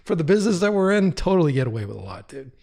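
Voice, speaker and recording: A man's voice: a little high, rapid-fire, creaky, over loud music. A man in his thirties, a director guest on a podcast, telling stories casually, laughing often and swearing freely. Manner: profane, animated, laughs while telling stories. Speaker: music video director guest.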